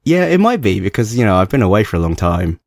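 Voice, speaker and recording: Podcast co-host: London-accented man, low voice, very lively intonation, chatty and laughing, dry close mic. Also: fast talker, vocal fry, dry recording. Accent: London English. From London, England. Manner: animated, laughs often, acts out voices. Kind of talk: casual chat.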